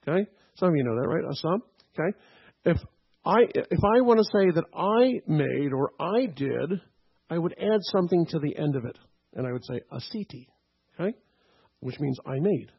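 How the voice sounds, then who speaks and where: A man's voice: a little high, slightly rough, highs cut off. A man preaching a teaching sermon, checking in with "okay?" and "right?" as he explains. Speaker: pastor.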